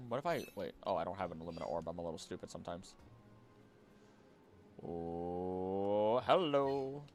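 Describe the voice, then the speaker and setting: A man chatting casually on a live gaming stream, jokey and animated, talking to the creatures on screen. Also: low-pitched, moderate pace, long pauses. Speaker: streamer and voice actor.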